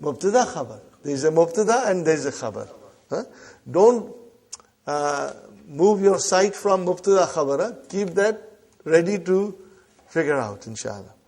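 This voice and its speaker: A man teaching Arabic to a class, slowly repeating phrases and prompting the students with short questions. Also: a little high, expressive, darkish tone, breathy edge. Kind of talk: classroom lesson.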